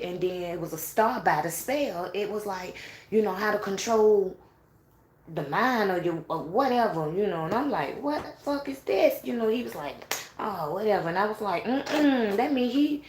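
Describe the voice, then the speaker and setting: A woman telling a spiritual story in a casual monologue, animated and profane, with laughing asides. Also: medium pitch, reverberant, slight background noise.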